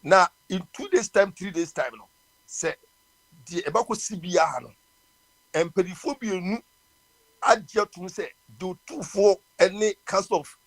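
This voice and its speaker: Ghanaian male radio host, high husky voice, impassioned and repetitive. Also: measured pace. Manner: passionate, mixing Twi and English, with many restarts. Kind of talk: live radio call-in talk.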